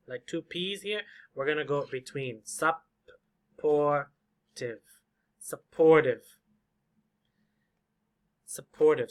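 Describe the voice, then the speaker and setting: Slow, bright-voiced male English teacher. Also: a little high. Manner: slow, repetitive drilling of words. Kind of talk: vocabulary lesson.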